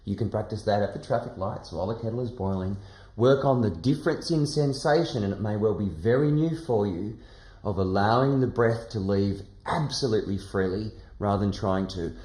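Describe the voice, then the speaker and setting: Slow, low-voiced male singing teacher. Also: reverberant. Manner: calm, gentle coaching with demonstration sighs. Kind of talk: guided vocal lesson.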